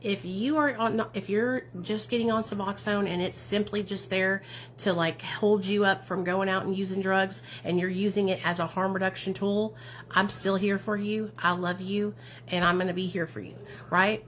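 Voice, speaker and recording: A woman's voice: mid-range voice, steady tone, moderate pace, slight background noise. A woman talking casually on a livestream as a recovery advocate, answering viewer comments in an affirming, encouraging way and often tagging her points with questions. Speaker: addiction recovery advocate and streamer.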